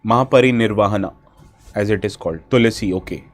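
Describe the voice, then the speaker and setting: A man's voice: lowish voice, quick pace. A man with an Indian English accent teaching a live online exam-prep lesson, quizzing viewers, reading their names from the chat and correcting himself as he goes. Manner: corrects himself mid-sentence.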